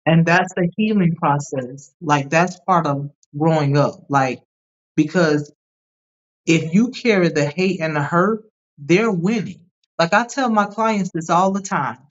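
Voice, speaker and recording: A woman guest on a podcast, telling personal stories in an emphatic, animated way and often asking "right?" as she goes. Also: deep voice, a little slow. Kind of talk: candid personal storytelling. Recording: dull lo-fi sound.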